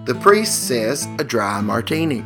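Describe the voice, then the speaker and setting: A man co-hosting a comedy podcast, trading jokes in playful, drawn-out casual banter. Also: medium pitch, very animated, over music. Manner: playful, jokey, slow and drawn out. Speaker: podcast co-host. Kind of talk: casual joke-telling banter.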